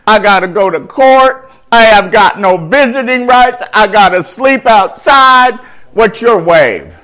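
A man voicing a struggling man in recovery who talks himself into excuses in a streetwise, pleading way, in an animated, fairly high voice. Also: unhurried, exaggerated voice.

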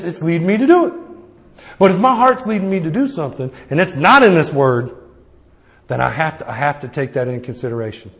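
A man's voice: a little high, in a large hall. A man preaching a sermon, plain-spoken and personal, often calling out for an amen. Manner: call-and-response asking amen.

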